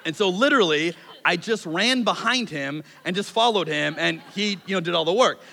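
A man in his thirties preaching a sermon as a pastor, telling stories in a relaxed, self-deprecating way and acting out quotes. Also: high-pitched, gravelly. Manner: conversational, self-deprecating storytelling with quick acted-out quotes. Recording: long hall reverb.

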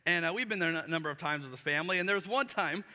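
Male pastor, thirties, lively sermon delivery with acted-out asides; bright tense tone, recorded live in a reverberant church hall. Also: fairly high pitch, rapid-fire. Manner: animated storytelling, acts out voices with exaggerated emphasis.

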